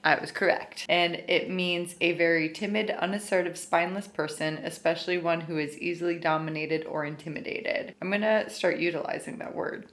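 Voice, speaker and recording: Book vlogger, woman, low-pitched and excitable, gushes and squeals over her reading. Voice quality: excitable, gushing, quick to squeal. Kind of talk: casual reading vlog chat.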